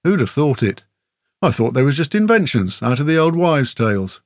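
A man's voice: mid-range voice, big pitch swings, normal speed, no room sound, clean studio sound, lightly acted. A man voicing a talkative, friendly male islander guide in a homely, folksy way, as an audiobook character voice. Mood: chatty.

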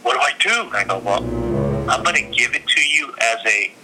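A middle-aged man, a podcast guest, telling a story in casual chat and acting out every quoted voice in animated bursts. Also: mid-range voice, moderate pace, over music, low-quality recording.

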